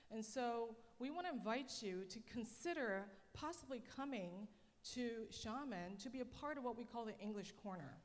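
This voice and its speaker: A woman missionary speaking to a church congregation in a chatty, animated storytelling manner. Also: fairly high pitch. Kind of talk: church talk. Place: church hall. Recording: long reverb of a large hall.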